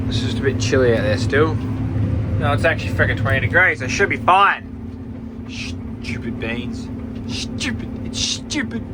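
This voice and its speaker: A tired man talks casually from his harvester cab, grumbling and swearing freely while joking along. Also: mid-range voice. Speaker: harvest contractor vlogger. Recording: loud engine noise behind.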